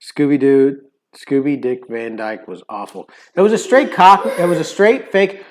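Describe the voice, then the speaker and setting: A slightly high-voiced American man talks loosely on a cooking livestream. His chat wanders, packed with fillers, and he drops into quick playful imitations of accents. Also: lively intonation, darkish tone. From United States. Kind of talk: casual chat.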